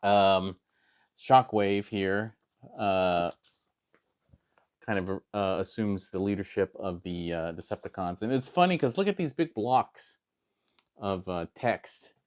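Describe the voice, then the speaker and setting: A man with a very low voice chats casually as he reviews a comic book. He rambles and hesitates, restarts his sentences, and fills pauses often. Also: expressive. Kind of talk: casual chat.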